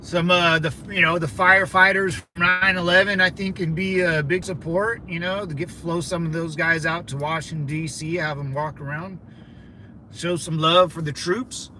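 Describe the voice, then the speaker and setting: A man from California livestreaming from a vehicle, rambling excitably through viewer comments with lots of fillers. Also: a little high, normal speed, a little hiss or hum, rough recording. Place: in a moving vehicle in a city.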